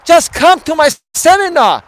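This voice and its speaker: A man doing a loud, boastful seminar pitchman. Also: sing-song, normal speed. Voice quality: loud, high, sales-pitch come-on. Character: flashy get-rich seminar pitchman, man.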